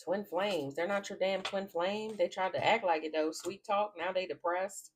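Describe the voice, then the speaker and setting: A woman's voice: on the low side, fairly even intonation, normal speed, a little hiss or hum. A woman giving a casual tarot reading to camera, blunt and profane, often cracking up laughing. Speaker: tarot reader.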